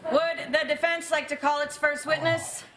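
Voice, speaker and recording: A woman's voice: high-pitched, flat delivery, normal speed, noisy background, close to an everyday voice. A woman playing a judge in a comedy courtroom sketch, speaking in a stern, dry way.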